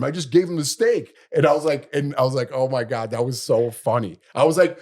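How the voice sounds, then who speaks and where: A middle-aged man, co-hosting a podcast, talks fast at medium pitch with hardly any pauses as he tells a story in casual chat. He's an animated storyteller who acts out the people he quotes.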